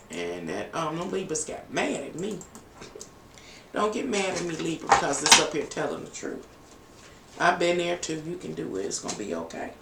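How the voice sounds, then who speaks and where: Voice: mid-range voice, very animated, moderate pace, vocal fry, a bit bright. A tarot reader giving a casual, emotional reading to viewers, emphatic and rambling with many fillers. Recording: echoey room, voice far from the mic, faint noise.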